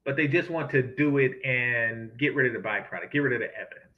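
A man's voice: mid-range voice, fast, muffled recording. A man ranting in sarcastic, profane commentary as he reacts to news clips. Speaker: commentary host.

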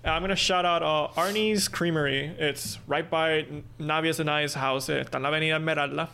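A man's voice: on the high side, fairly even intonation, a little fast, gravelly, sharp tone, clear, resonant tone. A man co-hosting a podcast in laid-back casual chat, dropping into Spanish. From Puerto Rico. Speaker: podcast co-host.

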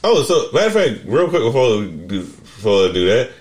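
A man's voice: mid-range voice, big pitch swings, fairly quick, a little mellow, a little hiss or hum. A man hosting a podcast in casual chat, rambling and restarting his sentences as he thinks aloud. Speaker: podcast host.

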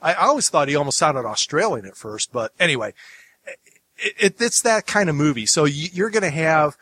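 A man's voice: a little high, big pitch swings, brisk, pushed and bright. A man from the United States hosting a podcast, chatting casually in a rambling way with many restarts. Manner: rambling, lots of restarts and asides. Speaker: podcast host.

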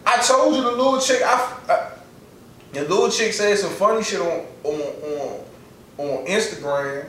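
A fairly high-voiced man talks bluntly with a lively, swinging pitch and often trails off mid-thought. He sits back from the mic in a very echoey room with faint noise. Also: a little slow, far from the mic. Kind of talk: casual chat.

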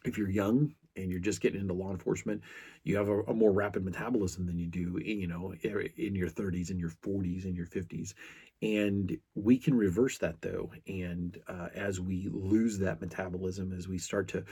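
Middle-aged male podcast host, deep husky voice, earnest storyteller. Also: fairly even intonation, normal speed, dark tone. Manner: earnest storytelling, frequent restarts. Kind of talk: casual podcast monologue.

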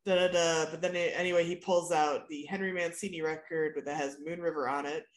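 A woman's voice: deep voice, fairly even intonation, a little fast, reverberant. A woman co-hosting a casual chat about a TV episode, wry and sarcastic as she retells scenes. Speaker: podcast co-host.

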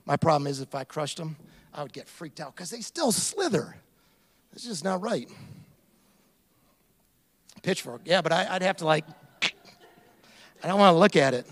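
High-voiced man preaching with animated asides. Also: moderate pace, long pauses. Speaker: pastor. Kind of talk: sermon.

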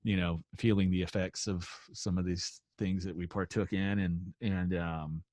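Deep-voiced man telling a rambling story. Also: flat delivery, unhurried, darkish tone, no room sound, studio quality. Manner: rambling, profane, laid-back storytelling with many fillers. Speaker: musician guest. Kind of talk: casual storytelling chat.

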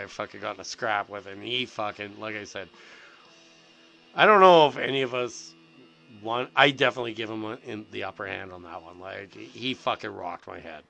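A man's voice: fairly low pitch, creaky, a bit bright. A middle-aged man telling stories in a rambling, casual way, swearing constantly and filling gaps with "like" and "you know.". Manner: profane, heavy on fillers and restarts.

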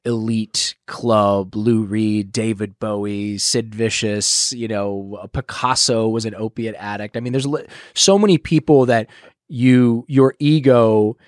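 A man telling a long personal story in an interview, rambling and profane, getting animated when he quotes other people. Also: lowish voice, slow pace, no room sound, clean studio sound. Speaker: guest in recovery.

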